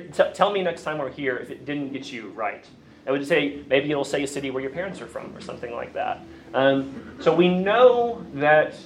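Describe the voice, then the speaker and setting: A man's voice: a little high, slight background noise. Southern man lecturing in an echoey room. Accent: Southern US, Appalachian Virginia. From Grayson County, Virginia, USA. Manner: energetic, asks the audience questions often. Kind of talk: classroom lecture with audience questions. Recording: echoey room, mic from a distance.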